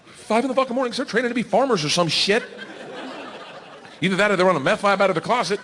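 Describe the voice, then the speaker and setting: A man doing a loud, excitable stand-up comedy set on stage, his storytelling often rising toward a shout. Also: high-pitched, fast talker. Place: comedy stage before a laughing audience. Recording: live show with loud crowd laughter and noise. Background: crowd laughter.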